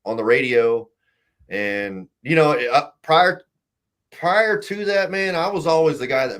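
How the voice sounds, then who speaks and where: A man's voice: on the high side, measured pace. Earnest man telling his story. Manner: animated storyteller acting out quoted voices; earnest, emotional. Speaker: interview guest. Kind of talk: conversational interview.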